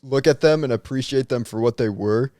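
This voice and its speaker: A man's voice: mid-range voice, fairly quick, warm tone, no echo, studio quality. A young man co-hosting a podcast in casual chat, easygoing and reflective, laughing often. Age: young adult. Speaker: podcast co-host.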